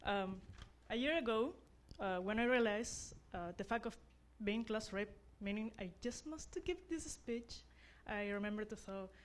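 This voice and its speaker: A woman's voice: medium pitch, normal speed, few pauses. A young woman who is not a native English speaker, giving an earnest, self-deprecating graduation speech as class representative.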